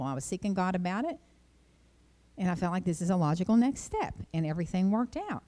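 A middle-aged woman giving an informal devotional talk, telling rambling personal stories and jumping high in pitch when she quotes herself. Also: sing-song, fairly quick, dark tone. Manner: chatty, rambling storyteller, jumps up high when quoting herself. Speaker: Christian speaker.

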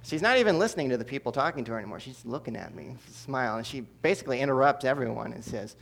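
In his sermon testimony, a preacher races along with few pauses, his mid-pitched voice creaky and lively in intonation. He recounts the story with animated humor, leaping to loud bursts before sinking into hushed asides.

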